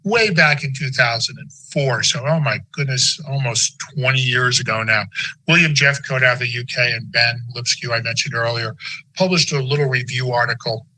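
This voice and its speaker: A man's voice: medium pitch, normal speed, bright, forceful tone, poor audio. A man in his sixties giving a conversational medical lecture with folksy, anecdotal asides. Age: 60s.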